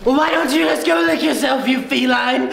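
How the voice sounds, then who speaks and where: A woman's voice: sits high, normal speed. A woman playing a manic, giggling clown villain in an amateur comedy sketch, teasing and over the top in an echoey room. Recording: roomy echo with clear noise.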